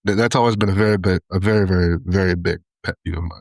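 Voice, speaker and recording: A man with a low voice talks quickly and loosely, piling up fillers and profanity as he makes his point. The sound is close and dry, with no room around it. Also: fairly even intonation, dry recording. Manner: fast, rambling, heavy on fillers and profanity. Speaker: podcast co-host. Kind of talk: casual chat.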